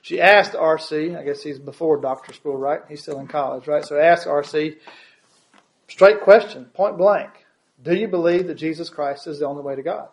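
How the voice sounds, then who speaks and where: A man's voice: fairly high pitch, normal speed. A man preaching in a sermon, retelling a story with frequent restarts and tag questions.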